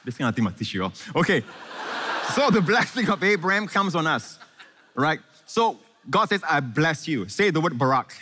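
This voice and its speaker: A man preaching a sermon as pastor, animated, often asking the congregation questions and calling for amens. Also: fairly high pitch, normal speed, big-room sound, crowd noise, noisy background.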